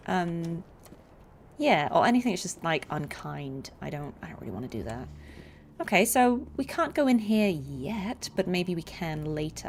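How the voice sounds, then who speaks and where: Lady rambling over a game, lowish voice, loud game and engine noise under her. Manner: chatty, rambling, lots of fillers. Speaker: voice actor streaming a game. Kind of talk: casual let's-play commentary.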